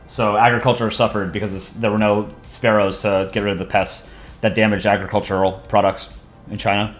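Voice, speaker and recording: A man casually chatting with viewers on a live drawing stream, relaxed and rambling. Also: lowish voice, fairly quick. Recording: echoey room with faint music.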